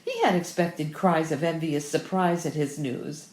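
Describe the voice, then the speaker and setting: A woman narrating an audiobook, reading in a lively, expressive way. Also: low voice, measured pace. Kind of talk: scripted narration. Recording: roomy echo.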